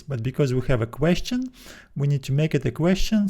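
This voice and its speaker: A man teaching a video lesson, patiently explaining and slowing down to spell out words. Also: on the high side, lively intonation, mellow. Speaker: Greek teacher.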